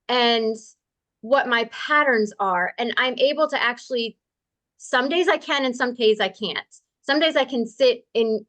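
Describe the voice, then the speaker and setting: As a podcast guest, a woman tells personal stories in an earnest, conversational way, rushing ahead in quick bursts and laughing along. Her voice is a little high and a bit bright, with no room sound.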